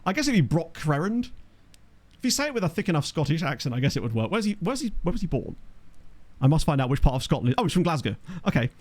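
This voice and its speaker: His voice sits fairly high, sing-song and quick, as he hosts a let's play from his home office. Chatting and thinking aloud, he reads chat and answers viewers' questions, captured by a desktop USB condenser mic.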